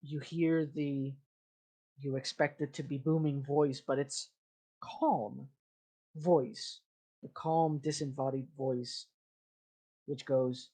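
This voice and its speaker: A game master narrates a tabletop scene at an unhurried pace. The narration is descriptive and improvised, full of fillers and self-corrections. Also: mid-range voice, steady tone, dark tone. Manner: descriptive, with frequent fillers and restarts.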